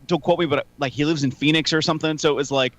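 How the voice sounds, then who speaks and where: A man co-hosting a casual sports talk radio show, telling stories quickly and animatedly and correcting himself as he goes. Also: on the high side, fairly even intonation, fairly bright tone, no room sound.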